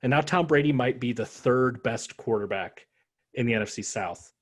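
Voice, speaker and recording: A man co-hosting a casual sports podcast, swinging between muttered asides and loud, animated rants. His talk is full of jokes and swearing, at a mid pitch. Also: normal speed. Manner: animated, profane, joking rants. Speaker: podcast co-host.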